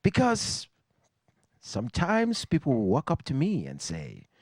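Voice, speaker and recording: A man from Nigeria with a Nigerian accent, telling a personal story on stage to a live audience in a reflective, wry way with dramatic pauses. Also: medium pitch, huge pitch swings, darkish tone, breathy edge, no echo.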